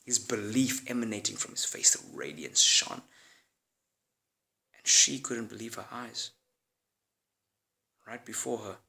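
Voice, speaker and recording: Dude telling a dramatic slangy story, gravelly bright voice. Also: male voice, medium pitch.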